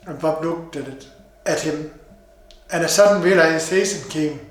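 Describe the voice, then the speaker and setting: A man narrating a self-help story in a halting way, sometimes correcting himself. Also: on the high side, heavy reverb, rough recording.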